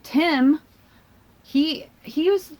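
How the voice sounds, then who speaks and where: A woman vlogger talking to her laptop camera in a rambling, self-mocking way, thinking out loud and jumping between tangents. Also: high-pitched, extremely slow. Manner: chatty and self-mocking, laughs between phrases. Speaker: vlogger and channel host. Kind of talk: casual talking-to-camera commentary.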